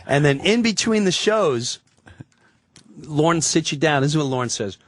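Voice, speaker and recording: A man, a guest comedian, telling an animated anecdote on a talk show, swearing freely and acting out the voices. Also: on the high side, a little slow, dry recording, clean studio sound. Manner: excitable storyteller, swears freely, acts out voices.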